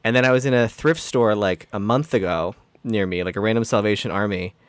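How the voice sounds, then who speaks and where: A man's voice: on the low side, a little fast, clear, resonant tone, no echo. A man co-hosting a podcast, telling a rambling story in casual chat and acting out the people in it. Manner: rambling storyteller, acts out dialogue. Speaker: podcast co-host.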